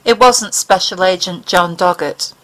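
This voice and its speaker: A woman's voice: on the low side, unhurried, fairly bright tone, rough recording. A woman voicing a smug male alien bounty hunter who talks in a belittling, mockingly polite way.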